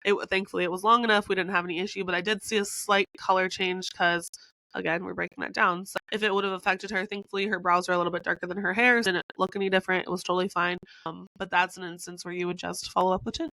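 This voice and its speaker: A young woman hosting a casual beauty education podcast, chatty and long-winded, her voice hoarse and congested from being sick. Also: lowish voice, fairly even intonation, quick pace, sharp tone, no room sound, low-quality recording. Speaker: podcast host, brow artist.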